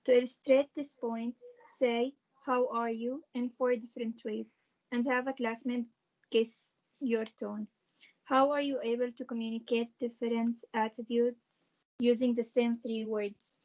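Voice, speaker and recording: A female student reads a textbook passage aloud to her class. Her voice is slightly high and mellow, and her reading is steady and careful. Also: unhurried, highs cut off.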